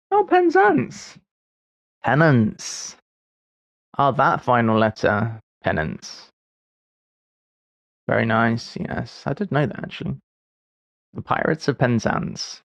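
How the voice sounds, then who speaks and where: This is a man in his forties doing a casual livestream, musing aloud over puzzles with wry, self-deprecating comments. His voice sits in the mid range, and the recording is dry.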